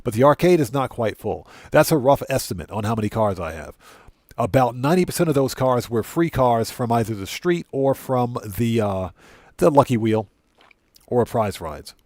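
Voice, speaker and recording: A man's voice: mid-range voice, animated, moderate pace, a little mellow, no room sound, clean studio sound. A man chatting casually with viewers while streaming a game, greeting them by name and often repeating and correcting himself. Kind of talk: casual livestream chat.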